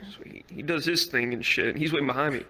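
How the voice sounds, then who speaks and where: A young man rambles through a comic story packed with swearing, in a virtual reality comedy club. His voice sits a little high and sounds bright and forceful. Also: fast. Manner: rambling, heavy swearing, animated.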